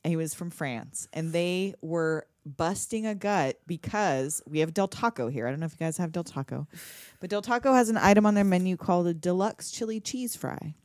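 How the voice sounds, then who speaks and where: A woman's voice: fairly low pitch, moderate pace, darkish tone, dry recording, clean studio sound. A woman in her thirties co-hosting a film podcast in casual chat, swearing freely and laughing as she tells stories. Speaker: podcast co-host.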